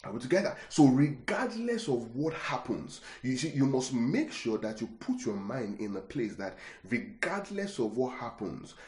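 A man's voice: medium pitch, big pitch swings, normal speed, hardly any pauses, a little mellow. A man preaching a sermon, repeating words for emphasis and checking in with rhetorical questions. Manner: keeps asking the congregation rhetorical questions. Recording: echoey room.

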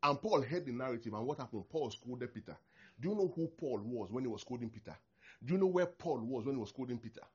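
A man, a pastor preaching a sermon in an animated way, acting out prayers and laughing often. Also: mid-range voice, fast, slightly rough. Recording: dull lo-fi recording.

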